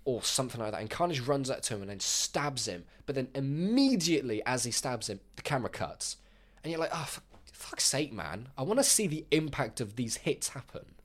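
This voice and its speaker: A young man in casual film review chat, animated, swearing and acting out mock quotes. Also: mid-range voice, brisk.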